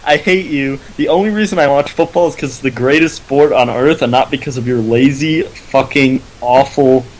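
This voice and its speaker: A young man co-hosting a casual podcast, crude and animated, ranting and joking with friends. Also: mid-range voice, moderate pace, low-quality recording. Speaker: podcast co-host. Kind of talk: casual chat.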